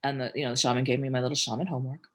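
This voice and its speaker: A woman's voice: very deep voice, rapid-fire. Blunt, foul-mouthed woman telling stories. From Newark, New Jersey, USA. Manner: blunt, swears freely, animated storytelling with voiced quotes. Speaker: filmmaker guest. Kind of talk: candid interview conversation.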